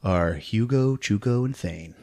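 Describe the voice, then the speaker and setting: A man hosting a podcast, casually recapping a film scene by scene, laughing often and acting out the characters' lines in squeaky voices. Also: animated, measured pace, a crowd in the background. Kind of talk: casual movie recap chat.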